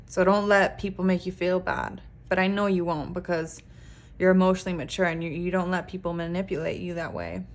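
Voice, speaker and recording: A woman's voice: on the low side, fairly even intonation, a little fast. A woman giving a pick-a-card tarot reading as a psychic reader, talking earnestly and emphatically with frequent "like".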